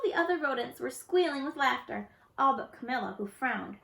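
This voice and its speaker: A woman reads a children's picture book aloud in a bright, lively voice. Her reading rises and falls expressively, and the room gives it a noticeable echo. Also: on the high side, fairly quick, gravelly, hardly any pauses. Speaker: storyteller. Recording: echoey room.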